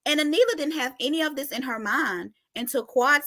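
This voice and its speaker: A woman's voice: high voice, a little fast, bright, forceful tone. A woman co-hosting a casual reality TV recap chat, asking questions and giving blunt opinions. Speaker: recap show co-host.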